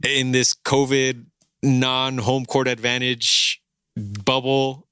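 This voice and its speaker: A man's voice: medium pitch, little pitch movement, slow pace, bright, forceful tone, clean tone, no echo. Emphatic man on a sports podcast. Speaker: podcast co-host. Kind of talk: casual sports chat.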